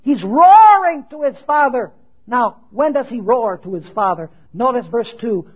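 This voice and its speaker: A man preaching a sermon who asks his listeners questions and answers them himself, growing loud on quoted scripture and dropping low for his questions. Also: expressive, a little slow, slightly rough. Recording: dull lo-fi sound.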